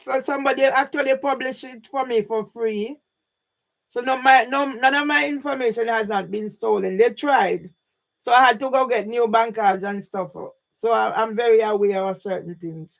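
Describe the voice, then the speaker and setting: Jamaican lady ranting on a livestream, fired up, yells and cusses, keeps asking yeah?. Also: fairly high pitch, vocal fry. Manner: emphatic, often shouting and swearing, with frequent "yeah?" tags. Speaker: YouTube livestreamer. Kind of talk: live-stream rant.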